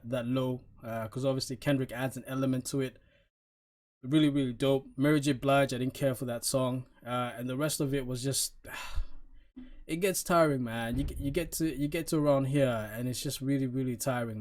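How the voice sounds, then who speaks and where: A man talks through an album track by track, blunt and dismissive. He speaks in a middle-pitched voice, casually, with frequent "uh"s and restarts. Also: a little mellow. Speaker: album reviewer. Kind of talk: casual opinionated review.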